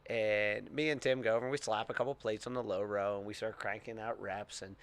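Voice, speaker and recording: A man from Pittsburgh co-hosting a podcast, telling stories in a lively, animated way. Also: on the low side, fairly quick, clean tone. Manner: animated storyteller, acts out voices. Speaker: podcast co-host. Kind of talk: casual podcast chat.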